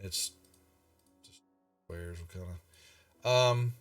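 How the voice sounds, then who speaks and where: A man's voice: mid-range voice, slow pace, fairly bright tone, no echo, far from the mic, soft background music. A man narrating a tabletop game as game master, rambling with many fillers and restarts.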